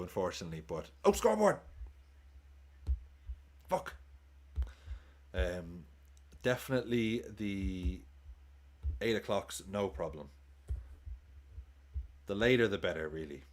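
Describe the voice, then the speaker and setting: A man's voice: low voice, animated, a little slow, long pauses. A man streaming a live football watchalong, chatting casually, swearing, cheering goals and thanking viewers for tips.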